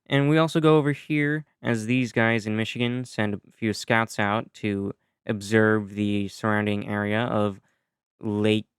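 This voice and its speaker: A man's voice: on the low side, clean tone, no echo, clean studio sound. A man narrating a map simulation video in a chatty, explanatory way, with casual asides and self-corrections. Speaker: YouTube narrator.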